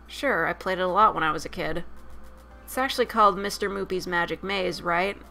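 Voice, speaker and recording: A woman reading the lines of a calm, focused man who plays arcade games, in her own plain voice with no accent. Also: on the low side, fairly quick, creaky, faint music behind. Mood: matter-of-fact. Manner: plain read, no attempt at an accent. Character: calm focused male arcade high-scorer.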